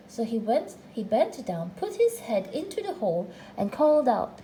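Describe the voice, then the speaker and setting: A woman narrating a children's storybook aloud with a gentle, expressive delivery. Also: on the high side, normal speed, few pauses, roomy sound, slight background noise, poor audio. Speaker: storybook reader.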